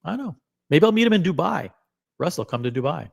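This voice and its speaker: A middle-aged man hosting a live stream, excitable and rambling, with many fillers and some swearing. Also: fairly high pitch, fast talker, creaky, highs cut off. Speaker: host. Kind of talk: casual live-stream chat.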